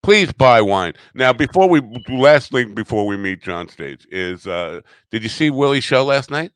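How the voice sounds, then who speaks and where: A man's voice: mid-range voice, moderate pace, clean tone, no echo. A middle-aged man hosting a podcast, chatting casually and playfully, wandering off on tangents. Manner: rambling, playful, lively intonation. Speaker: podcast host. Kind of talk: casual chat.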